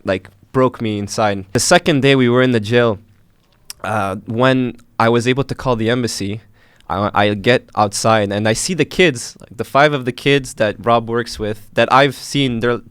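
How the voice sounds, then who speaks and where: A young man from Canada, a filmmaker earnestly retelling his arrest with animated, emotional storytelling. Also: mid-range voice, moderate pace, smooth, no room sound, studio quality. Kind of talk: emotional first-person storytelling.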